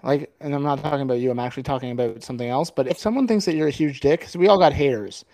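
A man's voice: mid-range voice, rapid-fire, darkish tone. A man co-hosting a podcast, ranting in a heated, swear-filled casual talk on a filmed set. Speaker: podcast co-host.

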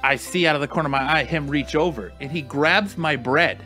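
A man's voice: fairly high pitch, a little fast, bright, forceful tone, faint music behind. A man co-hosting a podcast, telling a long story in a rambling, profane way, with lots of "like" and asides. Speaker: podcast co-host. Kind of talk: casual storytelling.

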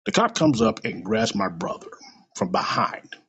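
A man's voice: fairly low pitch, wildly swooping pitch, moderate pace, a bit bright, slightly rough. A man telling a personal story aloud in a blunt, profane and emotional way.

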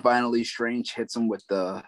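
A man's voice: mid-range voice, fairly even intonation, moderate pace, background noise. A man casually retelling a movie plot, rambling with lots of fillers. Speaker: movie recap co-host. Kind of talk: casual chat.

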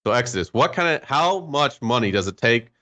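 Bright-voiced excitable podcast guy. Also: mid-range voice, a little fast. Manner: animated, exclaiming, swears. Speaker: podcast co-host. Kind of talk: casual chat.

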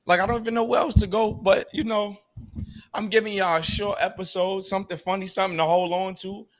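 A man's voice: sits high, steady tone, fairly quick. A young man hosting his own podcast, ranting in a profane, exasperated comic monologue full of rhetorical questions. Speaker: podcast host. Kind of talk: solo comedic rant.

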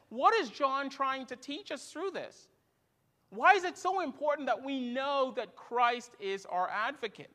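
High, bright-voiced male pastor preaching. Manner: storytelling with lively acted quotes. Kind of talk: sermon.

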